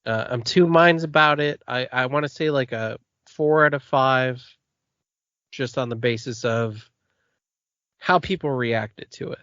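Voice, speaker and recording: A man co-hosting a podcast in relaxed casual chat, laughing often. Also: medium pitch, a little slow, no room sound. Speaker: podcast co-host. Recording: dull lo-fi podcast audio.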